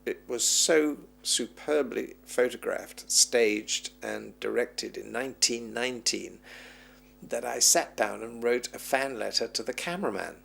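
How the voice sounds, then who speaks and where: In an unhurried, creaky, mid-range voice, a man reminisces at length during an interview as a film historian. He's animated, acting out the voices of the people he quotes.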